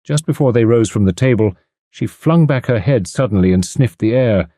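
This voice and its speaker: Man reading with mellow, lively delivery. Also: medium pitch, moderate pace. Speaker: audiobook narrator. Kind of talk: scripted narration. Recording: dry close studio sound.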